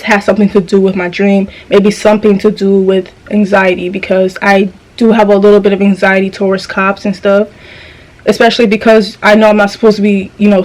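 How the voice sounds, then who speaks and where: A woman's voice: mid-range voice, poor audio. A young woman vlogger telling a dream story in a casual, slangy, profane way, often restarting her sentences.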